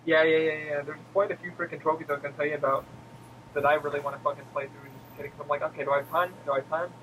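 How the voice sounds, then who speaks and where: Man, casual gaming podcast, rapid talker, slightly high voice, animated, faint background hiss. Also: poor audio. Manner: animated storyteller who acts out quotes in squealing high voices, swears a lot. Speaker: podcast co-host.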